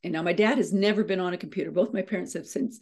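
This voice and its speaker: A middle-aged woman, a motivational speaker, telling a story with fast, self-mocking humor and frequent laughs. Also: lowish voice, darkish tone. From Canada. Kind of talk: storytelling keynote talk.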